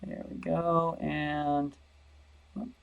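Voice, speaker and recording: A man's voice: fairly high pitch, little pitch movement, very slow, creaky, narrow, tinny audio. A man teaching a math lesson over a screen recording, thinking aloud and repeating words as he searches.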